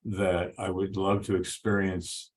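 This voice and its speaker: A man hosting a radio interview, relaxed, giving brief acknowledgements and leading into questions. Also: deep voice, a little slow. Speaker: radio host.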